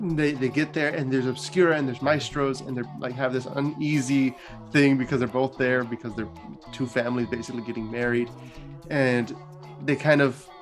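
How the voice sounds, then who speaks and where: A man hosting a gaming channel, retelling a story casually and chattily, with lots of filler words. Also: mid-range voice.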